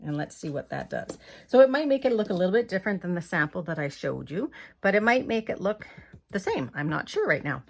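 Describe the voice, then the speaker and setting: A woman from Canada hosts a hands-on paper crafting tutorial, narrating each step as she works. Her voice sits a little low for a woman, and her delivery is friendly and explanatory. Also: sing-song, brisk, slight background noise.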